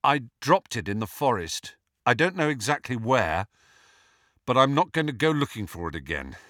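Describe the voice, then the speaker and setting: A man's voice: medium pitch, sing-song, moderate pace, pushed and bright, no echo, clean studio sound. A man voicing a tired, earnest teenage boy hero who chooses his words carefully in an audiobook. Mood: weary. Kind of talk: audiobook character voice.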